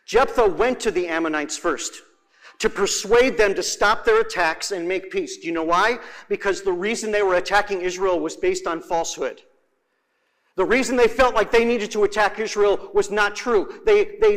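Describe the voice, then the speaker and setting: A man's voice: high-pitched, normal speed, fairly bright tone. A man preaching a sermon in a dramatic way, repeating words for emphasis.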